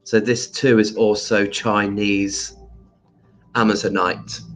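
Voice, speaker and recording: A man hosts a relaxed livestream, chatting with viewers as they join. He speaks at an unhurried pace and greets people by name. His speech is loose and hesitant, full of ums. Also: lowish voice. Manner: slow, hesitant with frequent ums. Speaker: crystal shop livestream host. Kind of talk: casual livestream chat.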